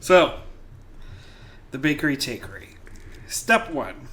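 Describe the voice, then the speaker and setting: A man's voice: fairly low pitch, big pitch swings, a little slow, long pauses, bright, forceful tone. A young man co-hosting a comedy podcast, talking in a playful, boastful way. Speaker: podcast co-host. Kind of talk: casual comedic chat.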